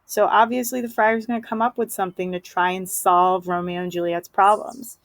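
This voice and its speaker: A woman's voice: medium pitch, flat delivery, moderate pace, no echo, low-quality recording. A woman teacher giving a casual, chatty lesson summary, full of fillers.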